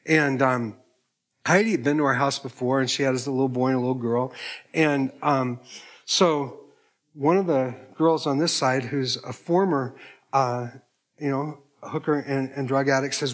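A man's voice: medium pitch, normal speed, fairly bright tone. A man preaching a sermon, telling a story in a conversational way and quoting the people in it. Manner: conversational, retells dialogue with quoted voices. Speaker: pastor.

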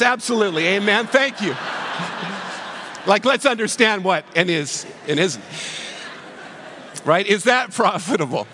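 A man's voice: high-pitched, bright, forceful tone, big-room sound, slight background noise. A man preaching a sermon as pastor, conversational, with rhetorical questions.

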